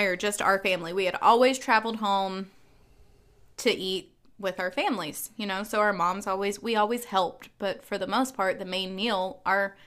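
A woman co-hosting a podcast, telling stories in an animated, casual way. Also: mid-range voice. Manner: animated storyteller. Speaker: podcast co-host. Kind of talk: casual chat.

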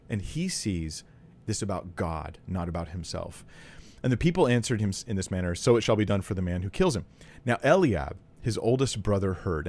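Man, lower voice, relaxed Bible teacher reading scripture with punchy conversational asides. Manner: reads scripture aloud with casual asides, animated and emphatic; clears throat often. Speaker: Bible teacher critiquing a preacher.

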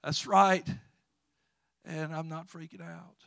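A man preaching a sermon in a fairly high voice, quoting scripture with rising fervor. He breaks into chuckling asides between points. The sound is dry and close. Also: flat delivery, slow pace, vocal fry, a bit bright, smooth, no room sound. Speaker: pastor.

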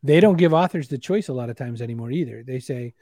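A man hosting a podcast, brisk, upbeat and jokey. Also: mid-range voice, mellow, no room sound, studio quality. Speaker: podcast host.

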